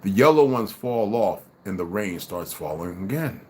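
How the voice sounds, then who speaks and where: A man's voice: lowish voice, animated, moderate pace, a little mellow, breathy edge. A man reading a story aloud to listeners and breaking off for casual asides.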